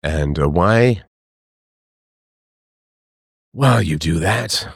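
A middle-aged man hosting a livestream, talking to his chat in a sarcastic, animated monologue. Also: unhurried, creaky, breathy edge, no echo, studio quality. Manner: animated, sarcastic, mimics others in higher voices. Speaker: livestream host. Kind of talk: casual monologue to live chat.

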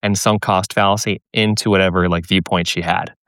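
A man's voice: sits low, steady tone, a little fast, fairly bright tone, smooth, no room sound, clean studio sound. A man calling into a talk show, describing things hesitantly with many "like"s and "you know"s. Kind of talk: casual call-in conversation.

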